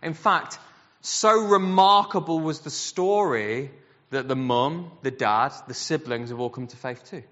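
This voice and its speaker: A man delivers a sermon as an animated storyteller, acting out the voices he quotes. His voice is a little high and sounds bright and pressed. The sound is dull and muffled, with a long reverb from a large hall. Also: unhurried. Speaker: preacher.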